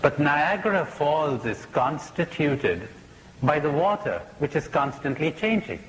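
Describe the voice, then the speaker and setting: Slow, reflective male speaker. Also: a little high, big pitch swings, a bit bright, reverberant, long reverb tail, rough recording. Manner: storytelling with jokes, laughs at own punchlines. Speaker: spiritual teacher. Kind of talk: recorded public talk. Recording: faint hiss, 1980s talk recording.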